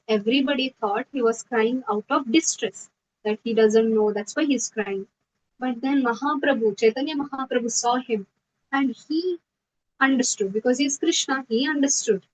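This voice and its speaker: A woman's voice: on the high side, a little hiss or hum. Earnest woman teaching scripture. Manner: earnest, animated storytelling. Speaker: scripture class speaker. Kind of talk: devotional scripture class talk. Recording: slightly muffled lo-fi recording.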